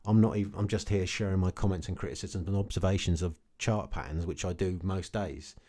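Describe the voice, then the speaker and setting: A man's voice: low voice, fairly even intonation, a little fast, dark tone. A man ranting casually to camera about his investments, blunt and repetitive, often tagging his points with "okay". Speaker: crypto vlogger.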